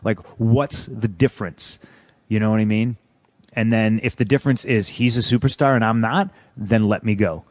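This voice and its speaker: A man's voice: lowish voice, steady tone, moderate pace, dry recording. A man in his thirties from the United States, a professional wrestler telling an interviewer his story in blunt, profane, griping casual talk. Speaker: interview guest, pro wrestler.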